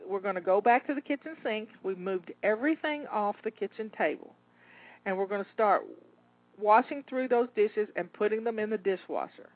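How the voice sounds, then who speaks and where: A woman's voice: mid-range voice, moderate pace. A woman coaching listeners through a timed cleaning session, rallying and encouraging them, a bit out of breath. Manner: encouraging, rallying, repeats herself. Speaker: home organizing coach. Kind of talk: live cleaning coaching talk. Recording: tinny phone-like dry audio.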